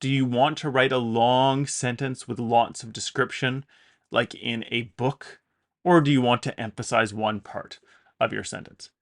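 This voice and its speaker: A man's voice: mid-range voice, fairly even intonation, unhurried, gravelly. A man, a native English speaker, teaching an online English lesson, patiently explaining example sentences with fillers and self-corrections.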